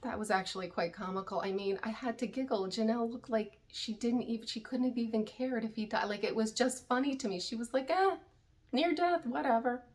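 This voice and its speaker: A woman's voice: a little high, steady tone, brisk, hardly any pauses. A woman hosting a YouTube recap channel, chatting candidly and with opinions about a reality TV show. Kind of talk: casual chat.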